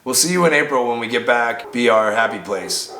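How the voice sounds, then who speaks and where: Excitable chatty man opening mail. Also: medium pitch, brisk. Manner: chatty, easily excited, loud outbursts. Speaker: bar owner and vlogger. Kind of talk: casual mail-opening vlog. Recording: echoey room, faint background noise.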